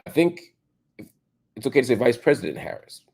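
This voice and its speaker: Husky gravelly man, animated commentary. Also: medium pitch, brisk. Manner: emphatic, rhetorical questions, swings loud and soft. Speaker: show host. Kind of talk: opinionated commentary monologue.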